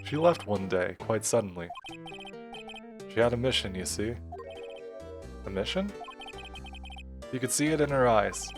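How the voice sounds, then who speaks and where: A man voicing a pompous, evasive older male lawyer in a slow, self-important low voice, over game music. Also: expressive. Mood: grave.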